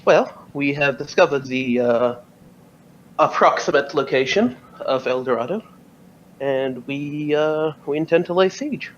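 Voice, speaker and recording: A man doing a soft-spoken Irish commander. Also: on the high side, measured pace, lo-fi sound, slight background noise, close to an everyday voice. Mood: measured. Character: calm male military commander, confident.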